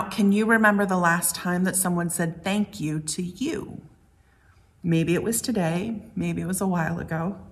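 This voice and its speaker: A woman pastor giving a gentle, reflective sermon, asking the congregation many questions. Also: on the low side.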